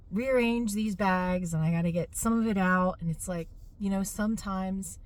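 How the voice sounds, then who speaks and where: A middle-aged woman chatting casually to camera in a vlog, exasperated and laughing at herself. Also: mid-range voice. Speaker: fitness business owner.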